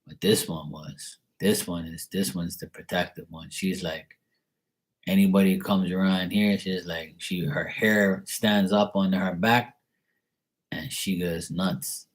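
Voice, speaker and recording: A man's voice: low voice, fairly even intonation, unhurried, slightly rough. A man, a tarot reader, chatting casually and candidly with his live-stream viewers in a rambling, laid-back way.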